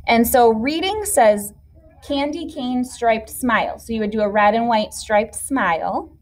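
A woman's voice: fairly high pitch, measured pace. A woman teacher patiently explaining a classroom activity step by step to young children. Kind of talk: classroom instruction video.

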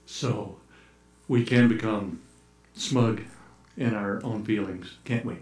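A man preaching a sermon in a church, telling stories with humor and sometimes shouting out playful calls to act them out, then reading scripture aloud. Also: lowish voice, takes it slowly, faint music behind. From United States. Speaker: pastor. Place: church sanctuary. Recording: echoey church room.

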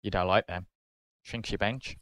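A British man hosting a card-opening video, casually calling out each card and getting excited over good pulls. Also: on the low side, moderate pace, dry recording. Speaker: card-opening channel host.

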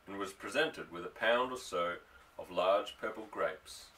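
A man narrating an audiobook, telling the story in a steady way. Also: low voice, unhurried. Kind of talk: scripted narration. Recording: distant mic.

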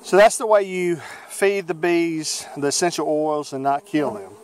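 This Southern-accented beekeeper's voice runs on the high side, clear and resonant, as he narrates a how-to video outdoors among buzzing bees. He takes his time, folksy and relaxed, dropping plenty of fillers.

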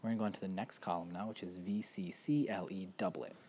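Low-voiced guy teacher going through a spelling sort slowly, lots of ums, slight rumble in the background. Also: steady tone, mellow. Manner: patient, explaining step by step with frequent ums. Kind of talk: instructional walkthrough.

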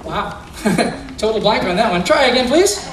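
Speaking at a normal pace in a high, expressive, slightly bright voice, a man plays magician for schoolchildren, coaxing young volunteers through mind-reading tricks with playful, theatrical stage patter. It's indoors in a school room or gym, where the sound echoes, his voice comes from a distance, and slight background noise is present.

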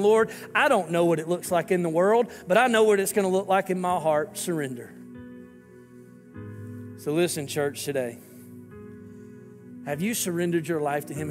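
A man's voice: fairly high pitch, long reverb tail. A man, a lead pastor, giving an earnest, pleading sermon and prayer to viewers watching online.

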